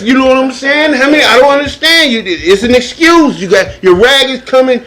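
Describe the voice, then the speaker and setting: Man, high voice, rambling, filler-heavy, panelist, casual chat. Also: animated, brisk, few pauses, fairly bright tone. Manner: rambling, leans on "you know what I'm saying".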